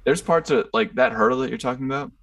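Brief: male podcast host, deep vocal fry, lively pitch, relaxed and profane, dry sound from a little off mic. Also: quick pace, no room sound, far from the mic. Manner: laid-back, profane. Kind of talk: casual chat. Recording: dry, set back from the mic.

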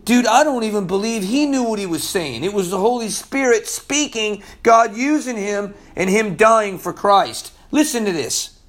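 Guy preaching, high voice, slangy, goes loud then real quiet. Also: expressive, normal speed. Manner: casual slangy preaching, swings from loud to hushed. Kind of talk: sermon.

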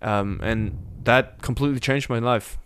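A man's voice: mid-range voice, normal speed, fairly bright tone, smooth. A man in his late twenties hosting a casual podcast, talking candidly and reflectively with some hesitation. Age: 20s. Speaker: podcast host. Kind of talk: casual chat.

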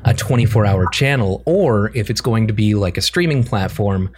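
A man's voice: lowish voice, lively intonation, moderate pace, a little mellow, a little hiss or hum. A man co-hosting a casual gaming chat, thinking aloud with plenty of fillers and restarts. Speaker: podcast co-host.

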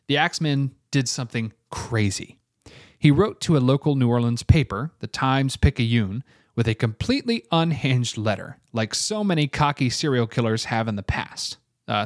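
A man's voice: medium pitch, no room sound, clean studio sound. A man hosting a podcast, telling a true-crime story in a casual, self-deprecating way with lots of filler words. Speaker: podcast host.

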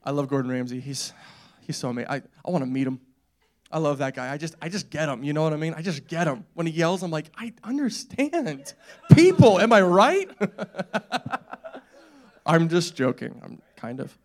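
A young man gives a laid-back church sermon with a slightly high voice. He talks conversationally, circles back on his phrases again and again, and laughs often between points. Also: fairly even intonation, fast. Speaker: preacher. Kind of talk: casual sermon.

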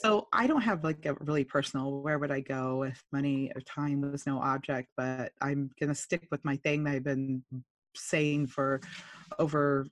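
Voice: mid-range voice, fairly even intonation, normal speed, no room sound. A host in casual chat, enthusiastic and laughing often.

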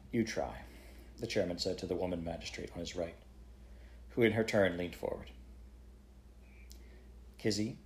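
A man reading a children's book aloud to a child at bedtime in a steady, expressive way. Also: deep voice, slight background noise.

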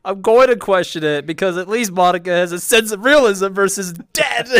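Teasing young man with a high voice. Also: normal speed, a bit bright, smooth, no room sound, clean studio sound. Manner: teasing, giggly banter. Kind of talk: casual podcast chat.

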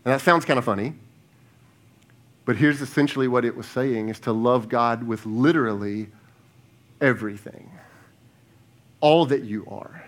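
A lead pastor giving a sermon in a conversational style, asking the congregation rhetorical questions, often restarting and repeating words, and dropping to a hushed tone when he asks them to reflect. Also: medium pitch, normal speed, long pauses.

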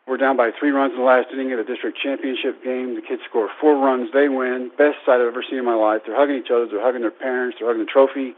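A man in his thirties telling a personal story in a speech, self-deprecating and animated. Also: mid-range voice, quick pace, hardly any pauses. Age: 30s. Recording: tinny phone-like radio sound.

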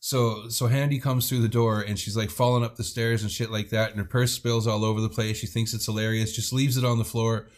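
A man's voice: on the low side, fairly quick, few pauses. Profane man telling a wild story. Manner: profane, animated storyteller who acts out quoted people. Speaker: podcast co-host. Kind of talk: casual storytelling chat.

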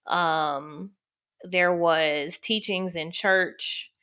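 Woman, podcast co-host, reflective, hesitant, lowish voice. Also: steady tone, very slow, pushed and bright, smooth. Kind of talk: casual conversation.

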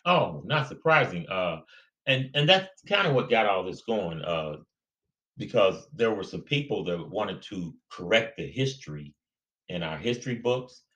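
A man co-hosting a casual talk show, relaxed and agreeable. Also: sits low, unhurried. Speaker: co-host. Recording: roomy echoey sound.

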